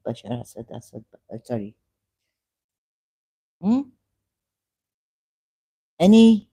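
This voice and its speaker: A woman's voice: rumbling low, warm tone, low-quality recording. A woman on a live stream giving rambling, impassioned commentary, repeating herself and firing rhetorical questions at her viewers.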